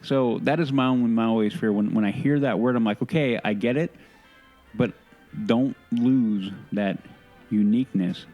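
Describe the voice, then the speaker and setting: A man's voice: mid-range voice, fairly even intonation, muffled recording, soft background music. A man co-hosting a podcast in casual chat, opinionated and earnest, often restarting his sentences. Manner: halting, many restarts and self-corrections. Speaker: podcast co-host.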